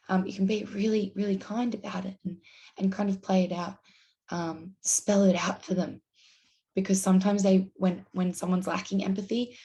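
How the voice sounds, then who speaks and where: A woman's voice: mid-range voice, a little mellow. A woman giving casual, earnest advice straight to camera, acting out example lines as she explains. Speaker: YouTube host.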